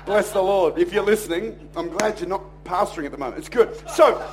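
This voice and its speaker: A man preaching a sermon in church, telling stories in a jokey, animated way and acting out other people's voices. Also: high-pitched, brisk. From Australia. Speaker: pastor.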